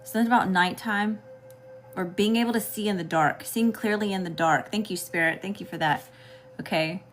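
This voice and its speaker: Over soft background music, a tarot reader with a Southern US accent talks in a mid-range voice at normal speed. Her live reading is relaxed and talkative, and she keeps checking in with viewers, asking "okay?" and greeting people in chat.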